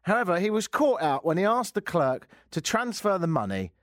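A man's voice: high-pitched, sing-song, normal speed, no echo, studio quality. A man from England hosting a comedic talk radio show, joking and sarcastic as he banters and tells news stories. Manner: joking, sarcastic, laughs at his own lines. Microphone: studio microphone.

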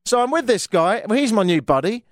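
Lively British man, wry radio rant. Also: high voice, a little fast, no room sound, clean studio sound. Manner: wry, storytelling, exasperated asides. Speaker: radio talk show host. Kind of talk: rambling talk radio monologue. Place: radio studio.

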